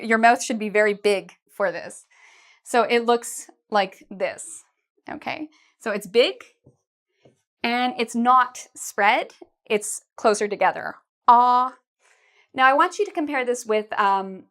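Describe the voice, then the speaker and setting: A woman's voice: on the high side, a bit bright. A woman teaching an English pronunciation lesson to camera, patiently modelling vowel sounds and words for learners to repeat. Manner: patient, slow, models sounds with exaggerated mouth shapes.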